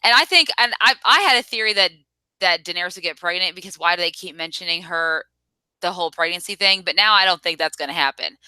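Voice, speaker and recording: A woman's voice: on the low side, fast, sharp tone, clean tone, no echo. A woman co-hosting a casual review show, chatty, spinning theories and laughing easily. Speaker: podcast co-host. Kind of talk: casual chat reviewing a TV episode.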